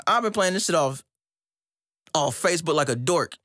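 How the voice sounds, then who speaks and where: A young man co-hosting a casual podcast, talking about music in an animated, profane way and leaping into a high excited voice when he quotes himself. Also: normal speed. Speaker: podcast co-host.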